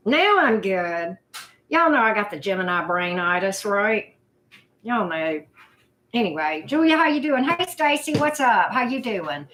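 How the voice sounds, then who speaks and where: A woman's voice: medium pitch, a bit bright, slight background noise. A woman, hosting a casual live chat, greeting viewers by name in a loose, self-deprecating way. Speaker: livestream host.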